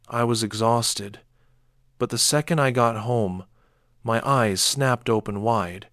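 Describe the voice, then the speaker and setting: A man reading a first-person horror story as scripted narration, measured and low-key, with sharp outbursts when quoting. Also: steady tone, no echo, studio quality.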